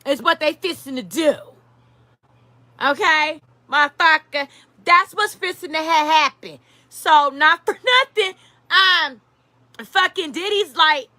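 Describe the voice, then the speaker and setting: A high-voiced woman talks through her commentary with a bright, cutting tone, loud and profane, laughing as she goes. The sound is dry and close, with no room in it. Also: a little slow, dry recording. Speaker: commentary vlogger.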